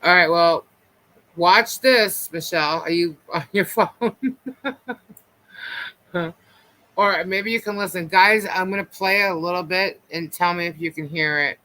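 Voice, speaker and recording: Man, live stream host, casual rambling chat, slightly high voice, bright tone. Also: measured pace, pauses often, poor audio. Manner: rambling, filler-heavy, chatty.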